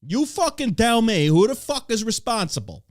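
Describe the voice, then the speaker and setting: A man's voice: very high voice, sing-song, normal speed, dry recording, clean studio sound. A man hosting a podcast, ranting in casual chat with a profane, sarcastic, mocking manner. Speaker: podcast host.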